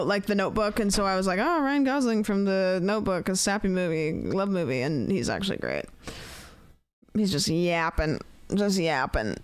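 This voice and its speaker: A woman's voice: medium pitch, clean tone. Tired, rambling woman streamer. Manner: chatty, rambling, self-deprecating. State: tired and unwell. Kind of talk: casual live-stream chat.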